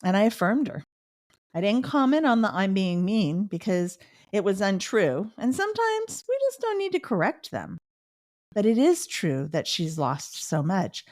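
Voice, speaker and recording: A woman's voice: mid-range voice, no room sound, studio quality. A middle-aged woman hosting a podcast, giving advice and telling personal stories earnestly. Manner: earnest storytelling, with the odd laugh. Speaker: podcast host.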